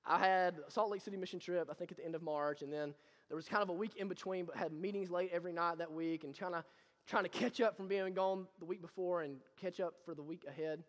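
High-voiced male preacher in a reverberant hall. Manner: swings from quiet storytelling to loud impassioned preaching. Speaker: pastor. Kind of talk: sermon. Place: church sanctuary.

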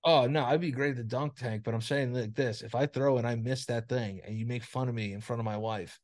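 On a remote video call, a male podcast host rants in crude, casual banter, swearing freely and stuffing every sentence with "like." His mid-range voice is steady and brisk, with a darkish tone.

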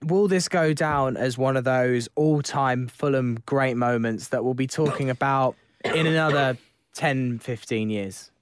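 A man hosts a football podcast, steering the conversation with easy questions. His voice sits at an ordinary middle pitch. The recording is dry and close. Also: measured pace, clear, resonant tone, no echo. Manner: leads the talk with questions, chatty. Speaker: podcast host. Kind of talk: casual football podcast chat.

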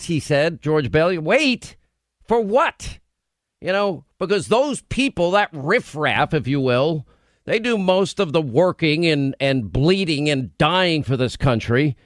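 A middle-aged man hosting a radio talk show, telling stories in a rambling, animated way. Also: a little high, dry recording, studio quality. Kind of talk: casual talk radio banter.

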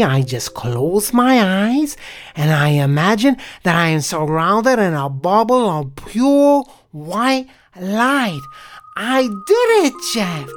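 A man voicing a gentle, sincere teenage boy in a spoken story. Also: sits high, pitched above the performer's own voice, full character voice.

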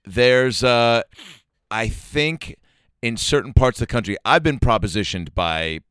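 A man hosting a podcast in casual chat, tossing in jokes and quick asides. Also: mid-range voice, lively intonation, a bit bright, clear, resonant tone, dry recording, clean studio sound. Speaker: podcast host.

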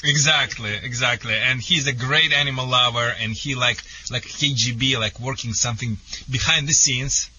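A man's voice: mid-range voice, steady tone, moderate pace, few pauses, sharp tone, breathy edge, dull audio. A man with a Russian accent co-hosting a radio show, joking around playfully. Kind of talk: casual radio banter.

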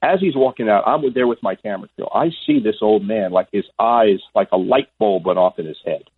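A man in his sixties from Florida, a guest sportscaster telling stories in a phone interview, animated and stammering on restarts. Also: on the low side, fairly quick. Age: 60s. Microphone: telephone. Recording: husky, dry phone line.

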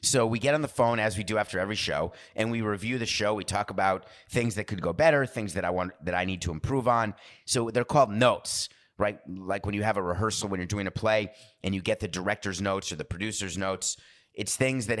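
A man's voice: lowish voice, a little fast, a bit bright. A man hosting a sports talk show in a casual, rambling monologue, drifting into digressions and asking rhetorical questions. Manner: chatty, asks rhetorical questions. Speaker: sports podcast host.

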